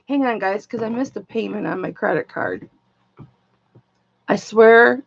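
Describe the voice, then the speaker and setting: A woman selling items on a casual live stream, chatty and excitable, swearing casually as she talks to her viewers. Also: medium pitch, a little slow, vocal fry, long pauses, slight background noise. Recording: dull lo-fi dry sound.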